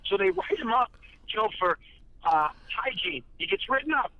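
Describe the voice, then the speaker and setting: High-voiced man on a muffled line. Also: normal speed. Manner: profane, lively anecdotes. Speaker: podcast guest. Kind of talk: casual storytelling chat.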